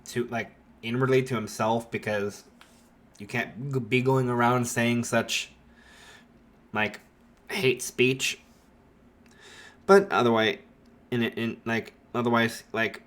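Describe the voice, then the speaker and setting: A man's voice: mid-range voice, a bit bright. A man narrating a fan story in a rambling, casual way, full of filler likes.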